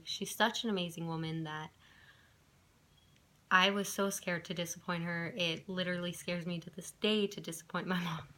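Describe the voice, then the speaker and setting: Young woman vlogging, chatty storytelling, lots of likes and ums, lowish voice. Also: fairly bright tone. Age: young adult. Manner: chatty, frequent fillers and restarts. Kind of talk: casual storytelling to camera.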